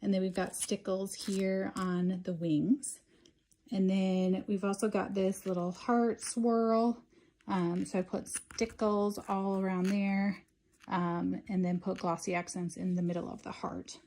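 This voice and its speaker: A woman with a soft, mellow voice talks through a craft project step by step. Her delivery is casual and chatty, often filling pauses with ums. Her pitch sits in an ordinary middle range. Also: level tone. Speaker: craft tutorial host.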